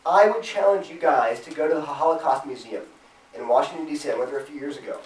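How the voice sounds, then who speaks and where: A man's voice: fairly high pitch, fast, a little hiss or hum. Earnest man lecturing in a roomy hall. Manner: earnest, emphatic, acts out imagined objections in a raised voice. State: choked up with emotion at times. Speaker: speaker at a campus Christian group. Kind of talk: apologetics talk to students. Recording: roomy, distant from the mic.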